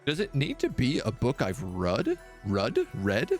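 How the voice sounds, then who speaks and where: A man's voice: medium pitch, huge pitch swings, normal speed, gravelly, soft background music. A man streaming a game live, thinking aloud and muttering over his choices. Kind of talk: live gameplay commentary.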